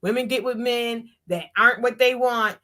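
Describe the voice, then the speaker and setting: Emphatic woman with a bright, tense voice. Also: fairly high pitch, moderate pace. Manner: emphatic, preachy, acts out quotes in voices. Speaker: talk show host. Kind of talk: live-streamed radio talk commentary.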